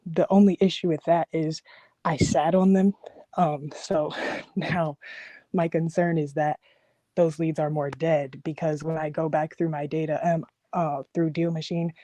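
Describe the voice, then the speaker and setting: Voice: mid-range voice, dark tone, no room sound. A caller asking a coach for advice, explaining in a hesitant, detailed way with many fillers. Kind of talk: casual call-in question.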